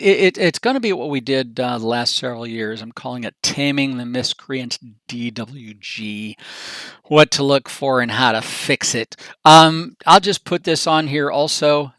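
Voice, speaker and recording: A man giving a casual software training presentation in a folksy, chatty, animated way, with slangy asides. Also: mid-range voice, no room sound.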